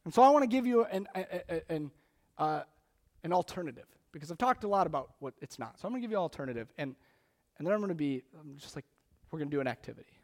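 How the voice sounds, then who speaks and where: A male pastor delivers a casual, animated sermon in a high voice. A gravelly fry runs through his words, and he often restarts his phrases mid-thought. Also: fast. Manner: conversational and animated, with frequent restarts.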